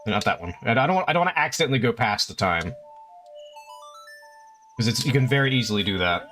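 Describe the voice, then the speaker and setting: Young male streamer, animated pitch, cusses casually, faint game music underneath. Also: fast talker. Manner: chatty, swears freely, talks to chat and the game. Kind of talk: casual gameplay commentary.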